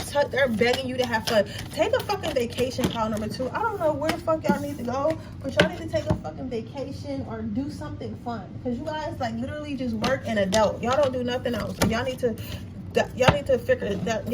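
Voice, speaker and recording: Brief: young female tarot reader, high pitch, blunt and slangy, noisy recording. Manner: blunt, profane, slangy, animated. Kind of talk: casual pick-a-card tarot reading.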